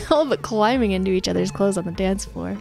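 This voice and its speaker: Snarky gravelly woman streamer. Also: medium pitch, big pitch swings, moderate pace, darkish tone, faint music behind. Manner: snarky, laughing asides. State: voice going hoarse. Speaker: streamer playing a text game. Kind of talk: reading a story game aloud with commentary.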